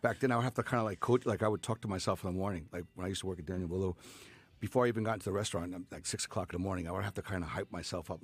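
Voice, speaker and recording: Deep gravelly man, fast rambling talk. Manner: rambling, lots of fillers and restarts. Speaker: chef, studio guest. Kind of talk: casual radio interview. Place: radio studio.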